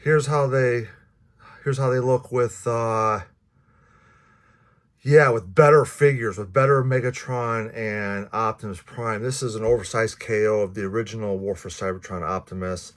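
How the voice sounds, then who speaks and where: A man's voice: on the low side, fairly even intonation, normal speed. A man casually reviewing action figures, rambling with many restarts and the odd curse. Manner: offhand, mildly profane. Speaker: toy reviewer.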